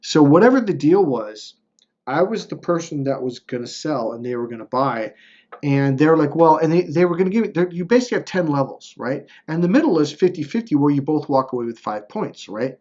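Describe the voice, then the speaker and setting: Brisk and very animated, a man with a fairly high but darkish-toned voice, recorded lo-fi, shares a personal story. He's a motivational speaker who rambles, restarts, curses openly, and keeps asking "right?"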